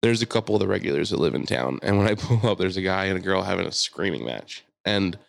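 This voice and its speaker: A man telling a long story in casual podcast chat, acting out the people in it with shouted lines. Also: sits low, quick pace, gravelly, no echo, studio quality. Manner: animated storyteller, mimics shouting voices. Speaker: podcast co-host.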